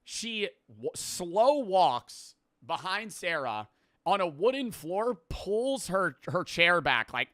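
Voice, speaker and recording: Young guy, bright crisp voice, rambling profane movie recap. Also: sits high, big pitch swings, slow pace, no room sound, clean studio sound. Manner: rambling, profane, laughs at the story. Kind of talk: casual movie plot recap.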